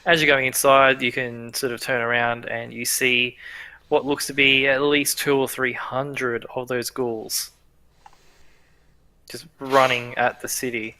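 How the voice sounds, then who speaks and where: A man's voice: medium pitch, level tone, unhurried, pushed and bright. A man narrating a tabletop game as its game master at home, in a loose, rambling way. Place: home room.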